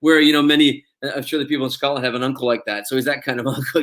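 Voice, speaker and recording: A man's voice: mid-range voice, fairly even intonation, very fast, fairly bright tone. A man, an actor being interviewed, talking casually and rambling with many restarts.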